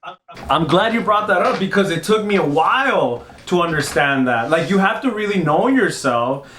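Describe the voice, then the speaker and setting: High lively man, podcast host, casual chat, echoey room, faint noise. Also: moderate pace. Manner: animated, laughs often.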